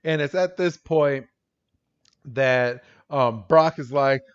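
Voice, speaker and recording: A man's voice: slow pace, clean tone, dull audio. A man co-hosting a podcast, casually and animatedly retelling a cartoon episode. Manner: animated retelling, jumps into high voices to quote characters. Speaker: podcast co-host. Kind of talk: casual recap chat.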